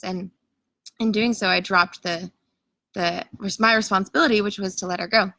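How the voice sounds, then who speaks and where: Woman, live-stream coach, bright voice, casual filler-heavy delivery, dry close sound. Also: mid-range voice, fairly even intonation, normal speed, no echo, rough recording. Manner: greets viewers and reads comments aloud. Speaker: coach leading an online challenge.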